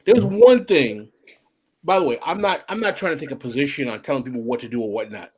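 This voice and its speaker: A man's voice: mid-range voice, animated, fairly quick, darkish tone, breathy edge. A man co-hosting a casual podcast chat, talking animatedly with frequent restarts. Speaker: podcast co-host.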